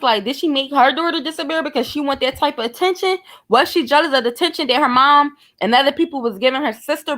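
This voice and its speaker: A woman's voice: high voice, a bit bright. A woman giving blunt, profane commentary, speculating and talking straight to her viewers in a casual vlog. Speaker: true crime commentator.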